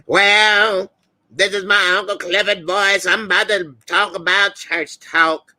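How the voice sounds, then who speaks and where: A man putting on the voice of a flamboyant, loud strip club owner with a big, sassy delivery. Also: high voice, flat delivery, slow pace, pitched above the performer's own voice, exaggerated voice. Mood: teasing.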